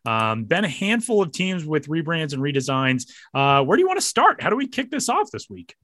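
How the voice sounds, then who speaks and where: A man hosting a casual podcast, joking around and quick to laugh. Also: fairly high pitch, no room sound. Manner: jokey, animated, quick to laugh. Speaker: podcast host.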